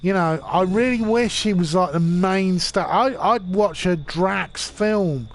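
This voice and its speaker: Drunk man in his forties, high and slow. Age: 40s. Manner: rambling and swearing. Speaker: game streamer. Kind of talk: rambling drunk commentary while gaming.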